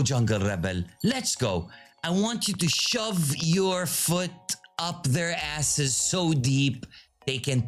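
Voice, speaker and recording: A man talking to his viewers in casual live commentary, excitable and profane, his pitch swinging up and down a lot. He takes his time and speaks in an unhurried way even when worked up. Faint music plays under his voice. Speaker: video host.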